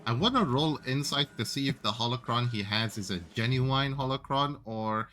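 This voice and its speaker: A man playing a tabletop game, asking quiet, hesitant questions. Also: mid-range voice, normal speed, music in the background. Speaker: player.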